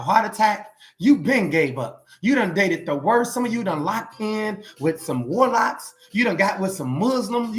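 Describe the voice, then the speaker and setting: A man's voice: high-pitched, fairly bright tone. A man preaching a motivational message, exhorting listeners in a colloquial call-and-response way. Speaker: life coach preacher.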